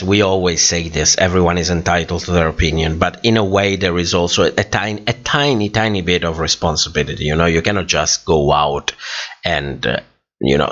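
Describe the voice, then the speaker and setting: A tired man with a very deep voice hosts a relaxed livestream, unhurried and rambling through fillers as he reads comments. His voice sounds worn out, and the dull, lo-fi stream audio takes the edge off it. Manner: rambling, many fillers and restarts. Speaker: livestream host. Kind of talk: casual livestream chat reading comments.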